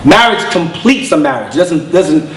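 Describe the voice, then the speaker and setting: A man's voice: on the high side, sing-song, moderate pace, roomy sound, a little hiss or hum, poor audio. A man, an elder of his congregation, preaching bluntly in street slang and telling stories with acted-out voices. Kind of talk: preaching lecture with storytelling.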